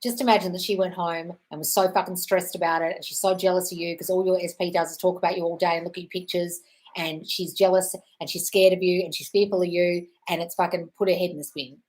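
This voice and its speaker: Her voice is fairly low with fairly even intonation, and the audio is poor. Hosting a casual live Q&A at home with a dog nearby, she reads viewer questions aloud and answers them in a blunt, sweary, fast-moving way.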